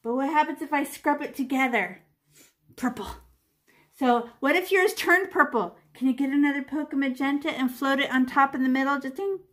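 A woman's voice: high-pitched, normal speed, a bit bright. A woman art teacher leading a children's painting lesson step by step, chatty and playful, with little sound effects and voices.

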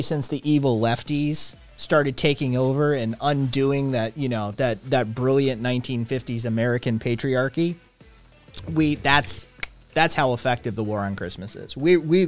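A man's voice: medium pitch, animated, normal speed, soft background music. A man hosting, sarcastic and profane. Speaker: stream host. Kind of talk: casual chat.

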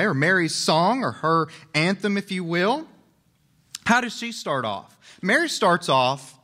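Male pastor, young adult, sermon delivered in a chatty tone with light jokes, voice sits a little high. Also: pushed and bright. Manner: conversational, joking asides.

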